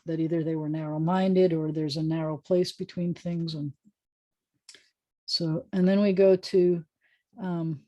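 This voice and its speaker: Lady rabbi on a video call, warm soft voice, chatty and jokey, sounding out hebrew words. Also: lowish voice, no room sound. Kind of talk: informal online class.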